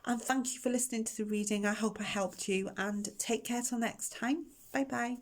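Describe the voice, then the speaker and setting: A woman's voice: a little high, fairly even intonation, normal speed. A woman hosting a casual tarot reading to camera, chatty and emotional as she talks directly to her viewers, recorded indoors on a camera microphone. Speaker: tarot reader and channel host.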